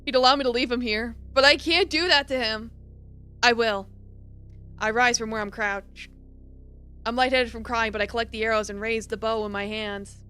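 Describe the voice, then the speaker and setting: A woman's voice: on the high side, fairly even intonation, normal speed, pushed and bright, clean tone, soft background music. A woman streamer reading a game aloud, dramatic, jumping from narration to shrieks and mock sobs.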